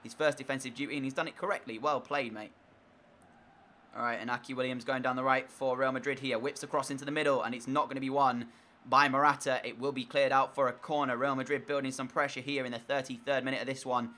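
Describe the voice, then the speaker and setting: Young man, gaming commentary, crisp bright tone, excitable with sudden outbursts. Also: mid-range voice, fast. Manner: excitable, swings between flat play-by-play and loud frustrated outbursts. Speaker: gaming YouTuber. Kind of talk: live gameplay commentary.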